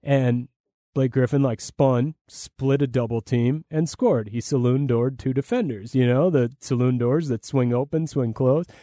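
Enthusiastic man with a dark voice. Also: mid-range voice, unhurried, dry recording, studio quality. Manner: rambling, enthusiastic, many fillers and restarts. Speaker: play-by-play broadcaster. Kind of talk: conversational interview answers.

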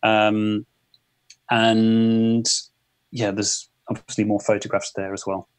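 A man's voice: on the low side, flat delivery, slow, clean tone. A man, a photographer guest talking thoughtfully in a casual interview, with frequent restarts. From England. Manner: thoughtful, hesitant, many restarts.

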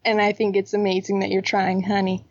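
A woman's voice: medium pitch, monotone, a little fast, no echo, dull audio. A woman co-hosting a casual podcast chat, candid and joking, with lots of slang. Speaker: podcast co-host. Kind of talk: casual chat reviewing a TV drama.

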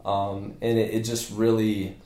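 Here the clinic owner speaks flatly and without hurry, his fairly low voice dark in tone, though he still comes across as energetic. As a podcast guest he rambles through fillers and restarts while the room echoes around him.

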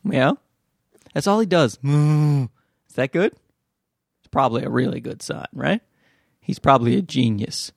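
A young adult man hosting a casual solo podcast at home, rambling and joking with animated asides, holding the mic close. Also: medium pitch, normal speed, gravelly, long pauses, slightly rough, dry recording. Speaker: podcast host. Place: at home with a baby. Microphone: handheld mic held close.

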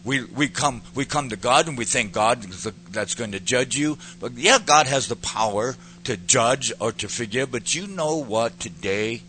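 A man's voice: mid-range voice, expressive, normal speed, few pauses, sharp tone, slight background noise, poor audio. A man giving an earnest personal testimony that turns into preaching, building to emphatic peaks as he speaks to a pastor.

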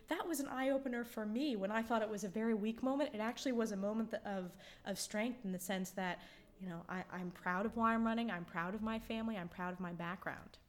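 A woman's voice: medium pitch, a little fast. Woman, American, thirties, interview guest, reflective, restarts sentences. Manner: earnest, reflective, with frequent ums and restarts. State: choked up. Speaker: congresswoman guest. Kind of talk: interview answers.

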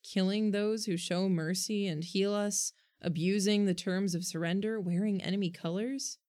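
A woman voicing a gentle, earnest boy who speaks firmly and thoughtfully in a storybook reading. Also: medium pitch, fairly even intonation, moderate pace, natural voice. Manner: gentle but firm, earnest.

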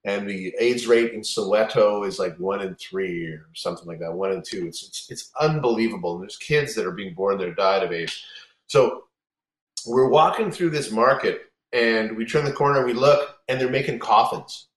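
A man's voice: on the low side, normal speed. A man telling a long road story in casual chat, swearing often and restarting his sentences. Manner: rambling, profane storytelling with many restarts. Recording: roomy echo.

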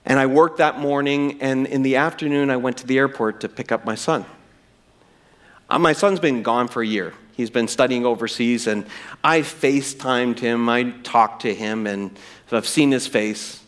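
Speaking at normal speed in a mid-range voice, a middle-aged pastor delivers a church sermon. He recounts a personal story earnestly, calls his listeners friends, and finishes by praying.

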